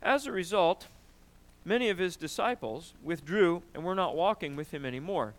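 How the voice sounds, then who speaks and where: A man preaching a sermon, emphatic and animated, often asking "right?" and clearing his throat. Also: a little high, normal speed. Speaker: pastor.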